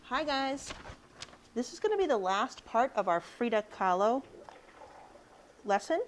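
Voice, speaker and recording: A woman's voice: fairly high pitch, big pitch swings, a little slow, a little hiss or hum. A woman teaching an art lesson, explaining it step by step.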